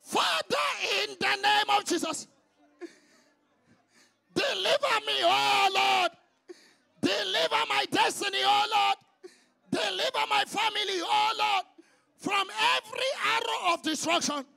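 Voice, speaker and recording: A man leading prayer in a very high, gravelly voice, shouting fervent petitions in a chanting rhythm. His tone is sharp and piercing. Between prayers he drops into quieter exhortation. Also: measured pace, pauses often. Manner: fervent, chanting repeated calls to the Lord. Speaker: prayer leader.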